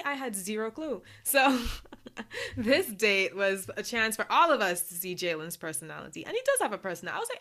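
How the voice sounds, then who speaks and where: Woman co-host, lively swooping voice, laughs a lot, acts out quotes, casual recap chat. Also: fairly high pitch, a little fast. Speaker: podcast co-host.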